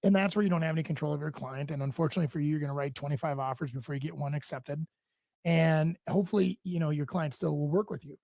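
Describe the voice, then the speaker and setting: Fast-talking gravelly man, raspy. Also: a little high, dry recording, studio quality. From Minnesota. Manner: blunt, animated storytelling, acts out both sides of his deals. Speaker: real estate agent, radio co-host. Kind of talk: casual studio chat. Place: radio studio.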